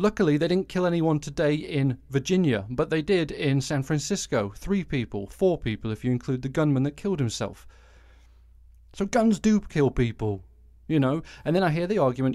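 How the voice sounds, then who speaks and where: A man's voice: a little high, lively intonation, brisk, darkish tone, no room sound, clean studio sound. A British man in his forties hosting a solo podcast, ranting with exasperation and frequent swearing. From Britain. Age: 40s. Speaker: podcast host.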